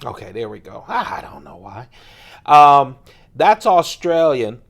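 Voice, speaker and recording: The host of an everyday-carry knife channel runs a casual show-and-tell vlog, playful and enthusiastic, chuckling often and stretching words for emphasis. His mid-range voice is very animated and a little slow.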